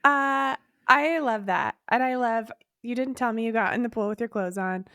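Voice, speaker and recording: A woman's voice: a little high, normal speed, bright, forceful tone, clean tone, no echo, studio quality. A woman co-hosting a podcast in casual chat, affectionate, teasing and candid. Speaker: podcast co-host.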